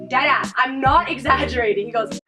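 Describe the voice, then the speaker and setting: Young woman host, bright-pitched, lively storyteller, cursing freely, outdoors with music behind. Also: brisk. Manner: animated storytelling, swears freely. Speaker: podcast host, restaurant server. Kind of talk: casual chat. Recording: background music.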